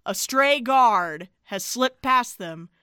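An excitable woman retells film scenes with dramatic flair and giggles, co-hosting a casual recap podcast. Her voice is high and bright. The sound is dry and close, with no room around it. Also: slow, smooth, dry recording. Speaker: podcast co-host.

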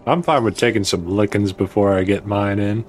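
Calm low-voiced player. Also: male voice, fairly quick, a little hiss or hum. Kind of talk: casual tabletop play.

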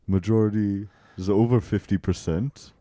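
A male podcast host in a casual comedic chat, excitable and laughing often, quick to push back on the others. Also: on the low side, no room sound.

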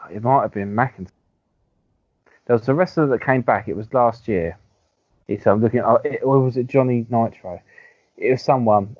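A man co-hosting a casual podcast chat, animated and quick to mimic other people. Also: on the low side, no echo. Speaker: podcast co-host. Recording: dull lo-fi sound.

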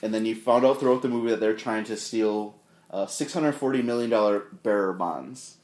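A man's voice: lowish voice, fairly quick. A man co-hosting a podcast, casually retelling film scenes and acting out the lines. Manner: animated retelling, acts out quotes. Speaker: podcast co-host. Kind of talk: casual movie review chat. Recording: echoey room.

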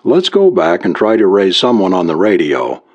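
A man's voice: low voice, wildly swooping pitch, moderate pace, full character voice. A man voicing a frightened young woman stranded on a yacht at night, speaking in anxious, urgent questions. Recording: muffled lo-fi recording.

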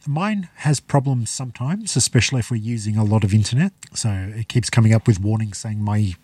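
A man's voice: lowish voice, a little fast, warm tone, breathy edge, no room sound. A man co-hosting a podcast, chatting casually with dry humor. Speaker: podcast co-host. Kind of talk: casual chat.

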